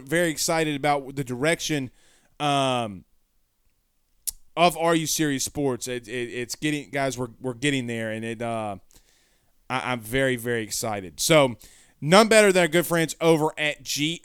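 A man runs a casual sports stream, reading out fan comments and drifting into folksy tangents. His voice sits a bit high and comes across smooth and resonant. The sound is dry and close. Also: dry recording. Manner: rambling, self-correcting, folksy. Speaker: sports show host.

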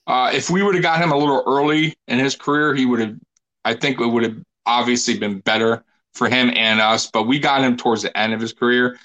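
A man's voice: mid-range voice, steady tone, a little fast, fairly bright tone, rough recording. A man co-hosting a casual sports podcast, laid-back and chummy. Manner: laid-back, says bro a lot. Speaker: podcast co-host.

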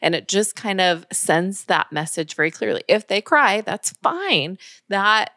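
A woman co-hosts a parenting podcast and gives reassuring, practical advice. Her voice is mid-pitched and recorded close and dry, with no room sound. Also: big pitch swings, a little slow, bright, forceful tone, no echo. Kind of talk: casual advice chat.

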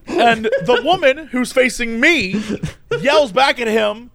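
A man's voice: extremely high pitch, lively intonation, slow, vocal fry, fairly bright tone. A man telling a story in casual chat, laughing often and acting out the people in it.

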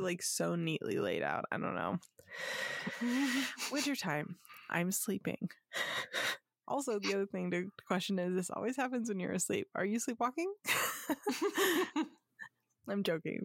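Gravelly-voiced woman reading stories, laughing. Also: mid-range voice, no echo, studio quality. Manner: laughs often, swears, casual banter. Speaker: podcast co-host. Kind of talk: reading listener stories aloud and joking about them.

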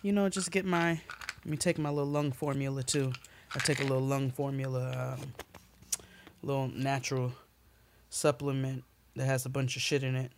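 A woman co-hosting a podcast in casual chat, playful and quick to laugh. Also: a bass voice, level tone, a little hiss or hum. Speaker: podcast co-host.

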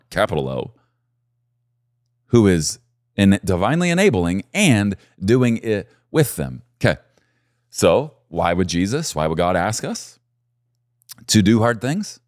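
Man, pastor, sermon, deep voice, dry close sound. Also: dry recording. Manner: animated preaching, repeating phrases.

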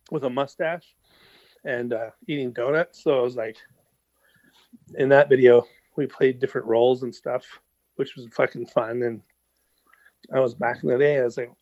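A middle-aged musician telling stories in a casual interview, rambling with lots of fillers and casual swearing. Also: male voice, medium pitch, no room sound. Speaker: musician guest. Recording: dull lo-fi sound.

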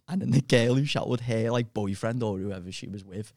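A man's voice: mid-range voice, normal speed, a little mellow, dry recording, clean studio sound. A male comedian telling rowdy gig stories on a podcast, laughing as he talks and swearing casually. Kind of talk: casual chat, storytelling.

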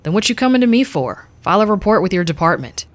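A woman voicing a big, gruff male detective who is not human and talks in curt, dry lines in an audio story. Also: mid-range voice, very animated, fast talker, no echo, pitched above the performer's own voice, natural voice. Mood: impatient.

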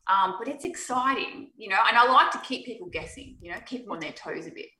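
An Australian woman talks through an interview in a bright, forward voice, circling back over her points in a loose, upbeat ramble. She sits a little away from the mic, and the room adds a noticeable echo. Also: medium pitch, lively intonation, quick pace. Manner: upbeat, rambling, repeats herself. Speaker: guest wrestler. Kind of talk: casual interview chat. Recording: echoey, distant from the mic.

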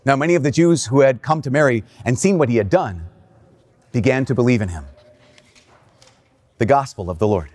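A priest reading the gospel aloud and then preaching a casual, conversational homily. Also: male voice, medium pitch, lively intonation, darkish tone. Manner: reads scripture slowly, then talks casually with fillers and laughs. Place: church.

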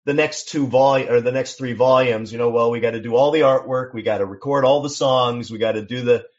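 A male songwriter guest from Seattle with a mid-pitched voice, talking in a measured, explanatory way and often restarting his sentences. The sound is dull and lo-fi. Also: fairly even intonation. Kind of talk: casual interview chat.

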